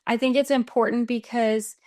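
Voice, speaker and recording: An American woman from Texas talks as a podcast guest, with a fairly high voice. She tells her running stories in a chatty, animated way and laughs easily between the lines. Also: moderate pace. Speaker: guest runner. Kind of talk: casual podcast interview.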